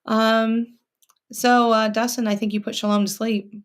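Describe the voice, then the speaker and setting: A woman's voice: a little high, little pitch movement, a little slow, clean tone. A woman, hosting a casual quilting livestream from her home sewing room and chatting to viewers. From North Carolina. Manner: chatty, reads viewer comments aloud. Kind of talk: casual chat while sewing. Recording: faint sewing machine noise.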